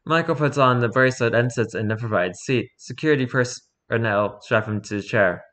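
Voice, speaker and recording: A man reading a horror document aloud in an even, report-like narration. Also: mid-range voice, moderate pace. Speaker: reader.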